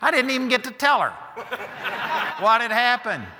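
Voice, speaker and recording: A man's voice: extremely high pitch, expressive, normal speed, sharp tone, big-room sound, a little hiss or hum. A man preaching a sermon, emphatic and insistent, hammering his points with repeated declarations.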